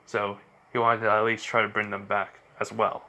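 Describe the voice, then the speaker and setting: A man's voice: fairly low pitch, monotone, moderate pace, sharp tone. A man improvising a fan-fiction story aloud, rambling with many fillers and self-corrections.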